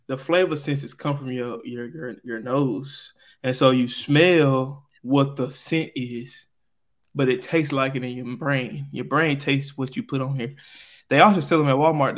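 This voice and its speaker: A young man in his twenties from Mississippi with a Southern American accent, co-hosting a podcast in a playful, teasing casual chat. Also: mid-range voice. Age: 20s. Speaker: podcast co-host.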